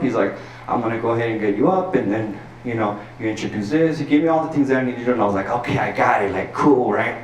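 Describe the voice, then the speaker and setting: A man from El Paso, Texas, telling stand-up stories in an animated, profane way, full of "like" and "dude". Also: mid-range voice, slight background noise. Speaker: stand-up comedian. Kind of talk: stand-up storytelling. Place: packed garage show. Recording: roomy sound from a distant mic.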